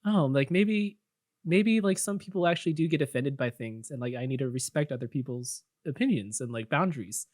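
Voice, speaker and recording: A man's voice: medium pitch, brisk, darkish tone, no room sound, studio quality, lightly acted. A man voicing an eager, cheerful young boy who rambles. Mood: thoughtful.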